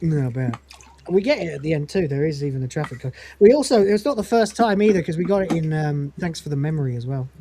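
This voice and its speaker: A woman co-hosting a fan podcast, casually retelling scenes and quoting characters' lines with lively mimicry and frequent laughter. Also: deep voice, quick pace, slight background noise. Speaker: podcast co-host reviewing episodes.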